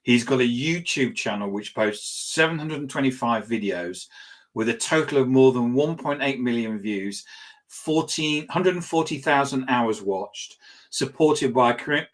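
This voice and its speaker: A man hosting an interview, introducing his guest in a halting way with repeated words and restarts. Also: medium pitch. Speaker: host. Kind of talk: casual interview chat.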